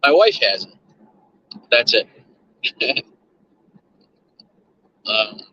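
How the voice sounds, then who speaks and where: A man talks to his viewers from behind the wheel in a rambling, repeat-yourself way. His voice has a bright, forward edge. The sound is muffled, with a faint hum of road noise. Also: medium pitch, big pitch swings, drawn-out words. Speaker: livestream host. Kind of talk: casual chat while driving. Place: in a car.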